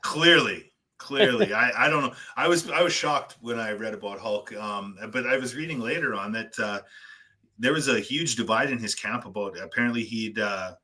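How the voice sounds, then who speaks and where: A man hosting a casual podcast chat, telling stories in an animated ranting way and slipping into quick voice impressions. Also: medium pitch. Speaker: podcast host.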